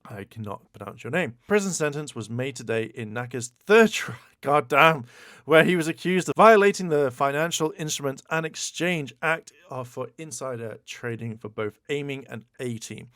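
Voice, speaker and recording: A man hosting a casual video, commenting on gaming news in an animated, exclaiming way with stammered repeats. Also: mid-range voice, normal speed, no room sound, studio quality. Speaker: YouTube host.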